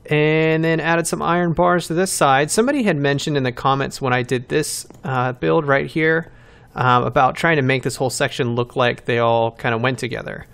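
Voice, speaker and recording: A man's voice: medium pitch, steady tone, moderate pace, gravelly, fairly bright tone, smooth. A man hosting a game channel, giving casual commentary while building and thinking aloud, with self-mocking asides.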